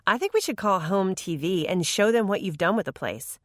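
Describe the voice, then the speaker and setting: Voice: medium pitch, expressive, moderate pace, a bit bright, no echo, studio quality, pitched above the performer's own voice, lightly acted. A narrator voicing a sweetly teasing teenage girl in an audiobook. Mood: sassy.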